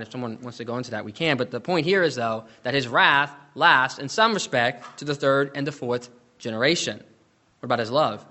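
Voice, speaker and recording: A man delivers a sermon in a bright, ringing voice. He reads scripture with rising emphasis and presses each point home, swinging between loud declarations and quiet, serious asides. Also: mid-range voice. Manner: emphatic preaching, reading scripture aloud with rising intensity. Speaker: preacher.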